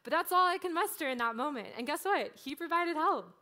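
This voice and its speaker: Conversational woman preaching a sermon, higher voice. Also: expressive, quick pace, sharp tone. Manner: conversational, frequent "like" fillers.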